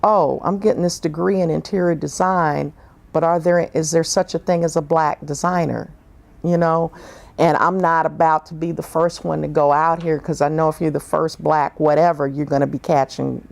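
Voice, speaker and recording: A woman with a low, gravelly voice tells her story in an oral history interview. She speaks frankly and reflectively, pausing often with fillers as she gathers her thoughts. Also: steady tone. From northern United States.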